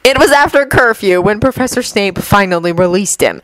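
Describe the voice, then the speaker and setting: A woman narrating a fan fiction audiobook at a middle pitch. She tells the story steadily and evenly. The recording is close and dry, with no room sound. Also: animated, normal speed, fairly bright tone, no room sound, low-quality recording.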